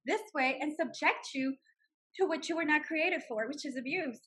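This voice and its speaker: A woman in her forties telling her personal story with animated emotion, laughing often. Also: high voice, normal speed. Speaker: guest sharing her story. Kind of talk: personal testimony.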